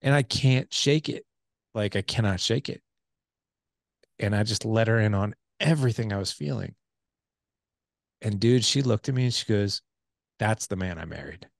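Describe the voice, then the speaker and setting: A man's voice: on the low side, moderate pace, creaky, pauses often, no room sound, studio quality. A middle-aged man, a podcast guest, telling an emotional personal story in a candid, casual way. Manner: candid, casual, many fillers like dude and man.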